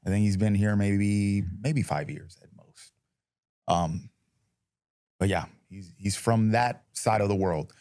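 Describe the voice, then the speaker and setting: A low-voiced man speaks as a talk-show co-host, blunt and opinionated, wandering through his points with restarts. His voice sits close and dry, with no room around it. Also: slow, darkish tone, dry recording. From United States. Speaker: podcast co-host. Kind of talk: casual chat.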